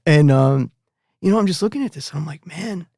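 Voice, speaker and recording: A man's voice: fairly high pitch, lively intonation, quick pace, gravelly, warm tone, no room sound, clean studio sound. A middle-aged man, a guest musician, casually telling a story, rambling with lots of fillers and restarts.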